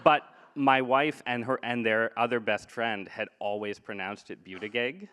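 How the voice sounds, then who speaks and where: A man's voice: mid-range voice, measured pace, pushed and bright, clean tone. A man in his thirties, co-host of a podcast, talking in a joking, rambling way with many restarts during a live debate on stage. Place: stage before a live audience.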